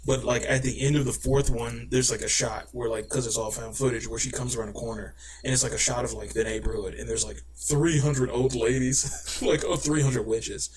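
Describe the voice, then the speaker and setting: A young man talking fast on a podcast, piling on filler words as he rambles through ideas. He slips into quick, animated voices to act out imagined scenes. His pitch sits in a middle range. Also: a crowd in the background, low-quality recording. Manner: rapid, rambling, full of "like" fillers; animated, acts out scenarios in voices. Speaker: podcast co-host. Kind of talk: casual chat.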